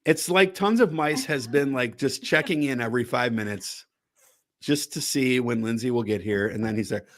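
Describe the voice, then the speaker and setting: A man of ordinary pitch co-hosting a stream with a joking tone. He stumbles and restarts his sentences, laughing often as he talks. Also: moderate pace, a little hiss or hum. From Connecticut. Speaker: co-host of a political stream. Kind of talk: casual political chat.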